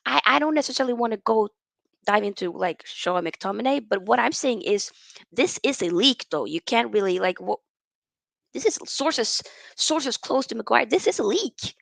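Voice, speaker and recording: Woman, slightly high voice, gravelly fry, dry close sound, blunt opinionated livestream host. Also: sing-song, moderate pace, dry recording, rough recording. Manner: blunt and opinionated, with casual slang. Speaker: host reading viewer comments. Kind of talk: casual livestream chat.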